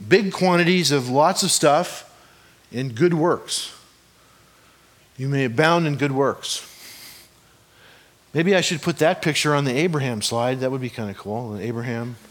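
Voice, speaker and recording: A man's voice: fairly high pitch, a bit bright. A man, a pastor, delivering a sermon in a conversational, joking way and often asking the congregation rhetorical questions. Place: church hall before a congregation.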